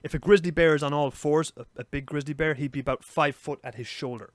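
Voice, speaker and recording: Irish male podcast co-host, young, quick and animated, higher-pitched, swears a lot. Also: no room sound, studio quality. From Ireland. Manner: animated, swears freely, rapid. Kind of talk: casual storytelling chat.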